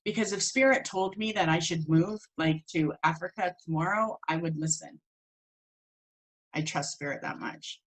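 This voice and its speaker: A woman teaching a spiritual course, telling a personal story in an animated way and acting out the voices of the people in it. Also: lowish voice, moderate pace, low-quality recording. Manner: animated, acts out quoted voices.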